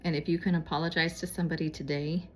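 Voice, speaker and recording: Earnest woman urging viewers, lowish voice. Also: little pitch movement, fast, a little hiss or hum. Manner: earnest, conversational, pleading. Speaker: vlogger giving moral advice. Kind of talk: casual heartfelt exhortation to viewers.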